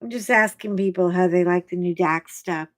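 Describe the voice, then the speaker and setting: A woman's voice: fairly low pitch, normal speed, no echo, poor audio. An older woman hosting a crafting channel, chatting casually to camera in a rambling, self-deprecating way. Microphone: clip-on mic that keeps bumping.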